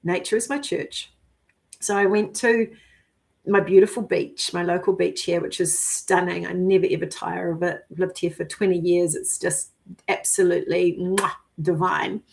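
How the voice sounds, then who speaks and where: A middle-aged woman vlogs a personal story in a casual, lively way, giggling, occasionally swearing, and acting out her own thoughts. Her voice sits low with vocal fry, at a moderate pace.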